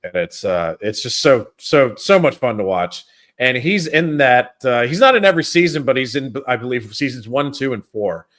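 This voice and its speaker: A man's voice: medium pitch, big pitch swings, moderate pace, fairly bright tone. Chatty man rambling through a review. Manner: rambling, chatty, filler-heavy. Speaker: film review podcast host. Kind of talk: casual chat.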